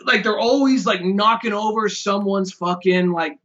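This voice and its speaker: A man's voice: high-pitched, moderate pace, fairly bright tone, muffled recording. A man co-hosting a podcast, rambling casually about a movie with lots of fillers and swearing. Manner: rambling, profane, many fillers. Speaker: podcast co-host.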